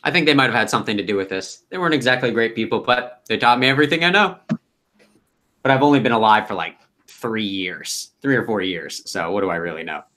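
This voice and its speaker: A man voices an easygoing young fey who lives alone in a tower, rambling and hesitating with plenty of fillers in a laid-back mood. His pitch is fairly low, his intonation lively, and his delivery fairly quick, pushed and bright.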